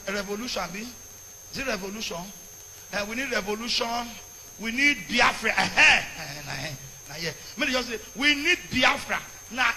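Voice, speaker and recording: A Nigerian man preaching with fiery passion, often breaking into shouts and pidgin. His voice sits very high and sounds sharp and piercing. A faint hiss runs under the recording. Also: in a large hall. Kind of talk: impassioned sermon rant.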